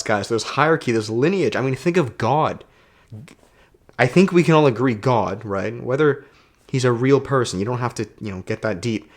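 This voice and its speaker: A man who coaches self-development, talking straight to his camera in a casual motivational vlog, emphatic and preachy and swearing freely. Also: medium pitch.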